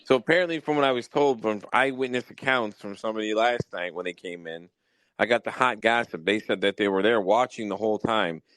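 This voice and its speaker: A man hosting a podcast, telling wild work stories in a casual, profane, animated way. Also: lowish voice, fairly quick, dry recording, poor audio. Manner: profane, animated storytelling with mock exasperation. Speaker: podcast host. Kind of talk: casual storytelling chat.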